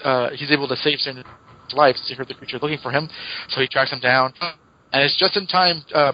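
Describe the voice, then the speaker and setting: A man's voice: a little high, highs cut off. A man co-hosting a casual comic book podcast, retelling plots in a chatty way and laughing often. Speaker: podcast co-host.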